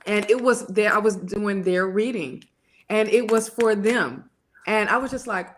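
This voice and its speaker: A woman reading tarot and hosting a casual live chat, lively and laughing often, sniffly with a cold. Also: medium pitch, unhurried. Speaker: tarot reader and show host.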